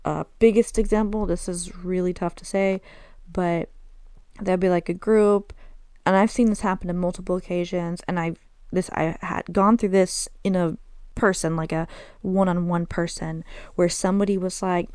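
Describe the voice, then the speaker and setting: A woman's voice: lowish voice, steady tone, normal speed, a little mellow, clear, resonant tone, dry recording. A woman with a Southern American accent talking candidly and self-deprecatingly on her own podcast, slipping in Arabic phrases. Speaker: podcast host. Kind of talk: casual solo podcast storytelling.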